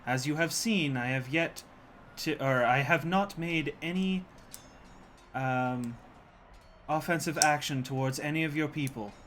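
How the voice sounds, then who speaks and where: A calm, courteous woman adventurer speaks in measured, slightly halting sentences, keeping the peace, as a player puts her on in his own bright voice. The delivery stays low-key and even. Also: a little hiss or hum.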